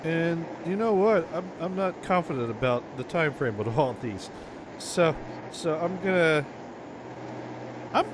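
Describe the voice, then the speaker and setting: A man's voice: fairly high pitch, background noise. A man hosting a casual radio show, chatting about old records with a rambling manner, often repeating words and chuckling.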